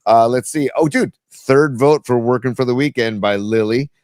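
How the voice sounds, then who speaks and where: A man's voice: medium pitch, normal speed, a little mellow, no echo, studio quality. A man co-hosting a podcast in casual sports chat, loose and chatty, reading listener song picks. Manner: loose and chatty, calls everyone dude. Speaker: podcast co-host.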